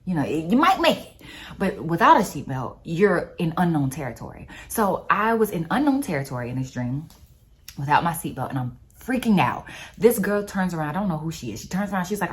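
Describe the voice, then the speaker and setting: Woman vlogger, low voice, animated storyteller, casual faith talk. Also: brisk. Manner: animated storyteller, expressive and conversational.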